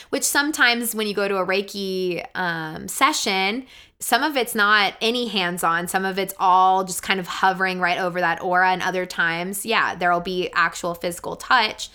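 A woman, a physical therapist, talking as a guest in a casual conversation, telling earnest, animated stories with lots of fillers. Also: medium pitch, normal speed, clear, resonant tone.

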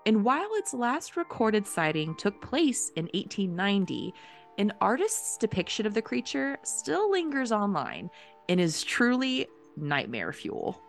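A woman's voice: medium pitch, very animated, measured pace, faint music behind. A woman co-hosting a casual podcast, playful and giggly as she talks. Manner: playful, giggly, swooping intonation. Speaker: podcast co-host.

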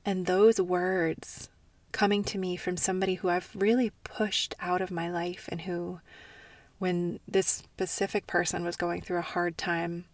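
A woman hosting a podcast, speaking in a soft, earnest and confiding way that sometimes drops to a near-whisper. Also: fairly low pitch, little pitch movement, unhurried, no room sound, distant mic. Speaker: podcast host. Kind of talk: intimate personal monologue.

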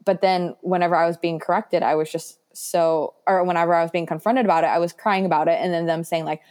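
This is a young woman speaking in a voice set a little lower than most. She is candid and reflective as she talks, earnest and loose, with plenty of "like" fillers along the way. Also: fairly even intonation, fast talker, few pauses, darkish tone. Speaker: guest sharing her foster care story. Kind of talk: candid personal interview.

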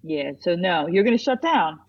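A woman's voice: fairly low pitch, sing-song, moderate pace, highs cut off. A woman therapist in casual chat, telling stories animatedly and acting out the people she quotes.

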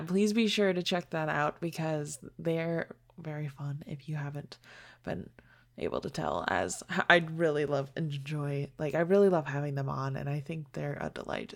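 A woman hosting a podcast, retelling a story in casual, animated chat full of "like". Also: low voice, vocal fry. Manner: chatty, animated retelling with frequent "like". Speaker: podcast host.

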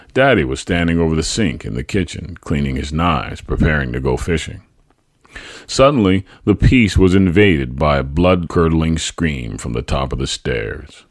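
A man with a very low voice reads a personal memoir aloud, telling it with a lively, rising and falling delivery. The sound is dry and close. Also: moderate pace, no echo. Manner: dramatic storytelling, voices quoted speech loudly. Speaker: podcast host and narrator. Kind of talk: memoir reading.

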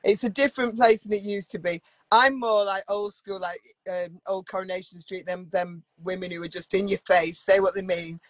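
A woman's voice: mid-range voice, fairly even intonation, moderate pace, hardly any pauses, dry recording. A middle-aged woman with a Mancunian accent talks bluntly in a casual interview, with dry humour and frequent swearing. Her voice is recorded dry and close, with no room sound. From Manchester, England. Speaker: guest singer.

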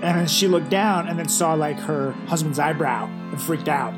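A man's voice: fairly high pitch, moderate pace, over music. Giggly man joking crudely in casual chat. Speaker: podcast co-host.

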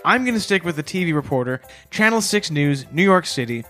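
A man co-hosting a comedy podcast in a dry, deadpan style. He delivers mock-earnest tributes in an unhurried, casual chat. A light bed of music sits faintly behind him. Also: on the high side. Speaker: podcast co-host.

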